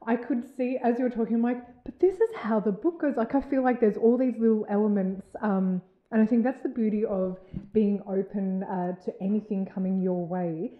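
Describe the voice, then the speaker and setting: A woman's voice: medium pitch, little pitch movement, a little fast. Host, woman, eager rambling questions, echoey dull recording. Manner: enthusiastic, rambling questions with many fillers. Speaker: interviewer, library host. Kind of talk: casual conversational interview. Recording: dull echoey room sound.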